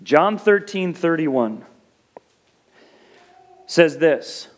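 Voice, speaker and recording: A man's voice: fairly high pitch, animated, measured pace. A middle-aged male pastor preaching a sermon in a conversational way that rises to fervent peaks.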